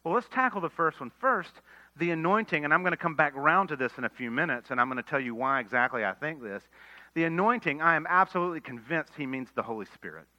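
A man preaching an expository sermon, earnest, rising to emphatic lines and dropping to quiet asides. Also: on the high side. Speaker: pastor. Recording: dull lo-fi sermon recording.

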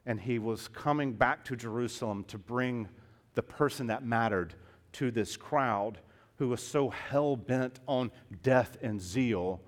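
In an unhurried, mid-range voice, this male pastor delivers a passionate sermon. He moves between near-whispers and loud, emphatic moments, calling his listeners dear friends and beloved.

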